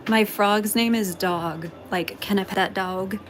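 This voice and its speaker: A woman's voice: medium pitch, fairly even intonation, unhurried, slight background noise. A woman from Texas, hosting a casual pottery livestream, chatting with viewers, greeting them by name and laughing often.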